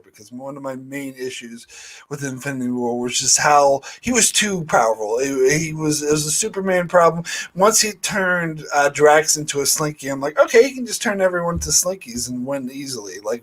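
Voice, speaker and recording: A man's voice: fairly high pitch, rough recording. A man who is a guest on a casual live discussion stream, talking bluntly and swearing. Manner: blunt, swears, lively emphasis. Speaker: guest reviewer.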